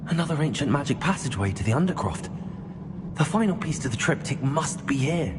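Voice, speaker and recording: A man's voice: a little high, animated, fairly quick, background noise, lightly acted. A man voicing an earnest young wizard student in a video game, calling out spells sharply. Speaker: student wizard player hero. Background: loud game music.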